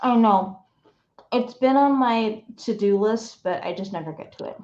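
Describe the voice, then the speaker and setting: Enthusiastic young woman streamer, slightly high-pitched, chatty; dull, low-fi mic sound. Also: normal speed, a little mellow. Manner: chatty, enthusiastic, repeats herself. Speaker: streamer host. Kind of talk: casual live-stream chat.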